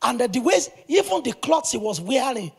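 A male pastor preaching a sermon in an animated, emphatic way, with sudden loud bursts. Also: extremely high pitch, a little fast, gravelly, husky.

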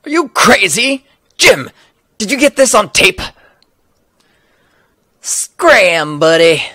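A man voicing a brash, excitable male TV news reporter in a loud broadcaster delivery while streaming a game. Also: fairly high pitch, normal speed, creaky, slightly rough, no echo, clean studio sound, full character voice. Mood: frantic.

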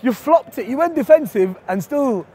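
An energetic man hosting street interviews after a match, slangy and teasing. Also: very high voice, normal speed, slight background noise. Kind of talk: vox pop interviewing and banter. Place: outdoors near a stadium.

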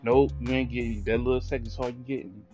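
A man giving excitable, trash-talking commentary while playing a wrestling video game, yelling at his opponents. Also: mid-range voice, fast talker, music in the background. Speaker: gaming YouTuber. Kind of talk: let's-play commentary.

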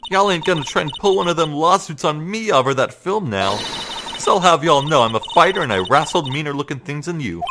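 A man's voice: a little high, lively intonation, a little fast, noisy background, voice pushed up. A man reading the lines of a brash, scolding country woman photographer from a game, without any put-on accent. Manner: pushy, scolding. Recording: game music behind.

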